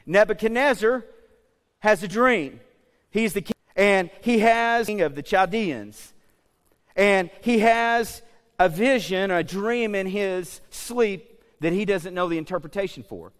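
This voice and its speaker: A male pastor preaching a sermon in a lively, conversational way, with joking asides and frequent checks like "okay?". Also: high voice, unhurried, clear, resonant tone, big-room sound.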